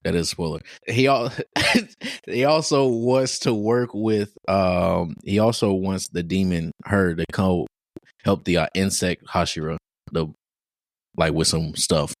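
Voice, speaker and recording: A young man co-hosting a casual podcast, speaking hesitantly and haltingly as he searches for words. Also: low-pitched, dry recording, clean studio sound. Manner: hesitant, halting, lots of fillers. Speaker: podcast co-host. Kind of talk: casual chat.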